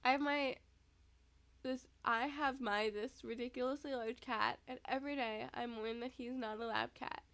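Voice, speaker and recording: A woman's voice: a little high, fairly even intonation, normal speed, fairly bright tone, no echo. A young woman in casual chat to her viewers at home, sleepy and yawning, often giggling. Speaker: streamer. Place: indoors at home.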